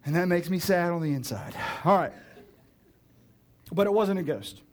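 A man's voice: sits high, animated, normal speed. A male pastor preaching a sermon in a casual, joking way, with playful asides and acted-out dialogue.

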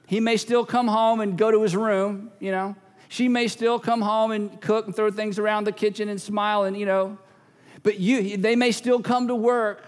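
A man's voice: sits high, level tone, moderate pace, in a large hall. A male pastor preaching a sermon, emphatic and repeating key phrases, now and then acting out little everyday scenes.

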